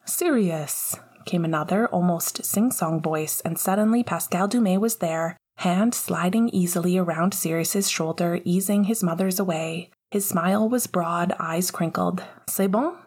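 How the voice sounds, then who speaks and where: A woman narrates a story in a calm, measured way. Her voice is low-pitched and breathy, with a husky softness. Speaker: audiobook narrator. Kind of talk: reading fan fiction aloud.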